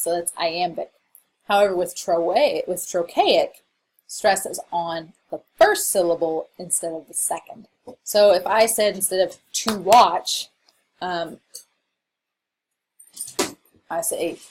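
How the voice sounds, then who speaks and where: A woman's voice: fairly low pitch, measured pace, darkish tone, low-quality recording. Woman casually explaining poetic meter. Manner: casual, explanatory, with frequent fillers. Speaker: college English instructor. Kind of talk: recorded lecture over slides.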